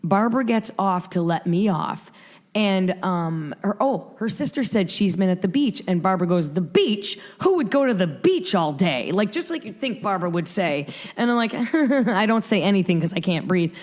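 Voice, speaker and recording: A woman in her fifties from Michigan, a radio host telling an anecdote in a rapid, breathless way, acting out quotes as she goes. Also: mid-range voice, animated, a little mellow. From Michigan, USA. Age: 50s.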